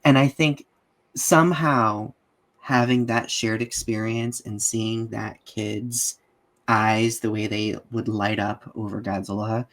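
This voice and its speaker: A man hosting a podcast interview in a casual style, warm, affirming and enthusiastic toward his guest. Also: on the low side, fairly even intonation, slow. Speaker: podcast host.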